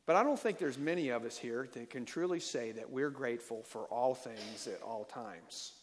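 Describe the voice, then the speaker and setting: A man's voice: medium pitch, moderate pace, in a large hall. A male pastor preaching a Sunday sermon with emphatic, audience-directed delivery. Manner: emphatic, calls for amens. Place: church sanctuary.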